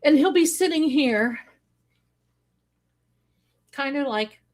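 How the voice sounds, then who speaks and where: A woman's voice: high voice, animated, slow, darkish tone. A middle-aged woman hosting a casual live stream, chatting with viewers in a rambling way and breaking into song and laughter. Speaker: livestream host.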